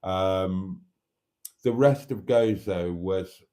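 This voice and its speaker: A man's voice: deep voice, very slow, dark tone. A man hosting a live stream from his motorhome, chatting in a rambling, easygoing way and laughing easily. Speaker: channel host.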